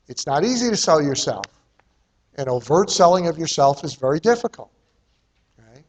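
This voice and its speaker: A man with a slightly high voice delivers a live seminar talk on marketing. He is blunt, salty and conversational, and keeps checking in with his audience as he goes. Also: animated, unhurried, pauses often. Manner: salty and irreverent.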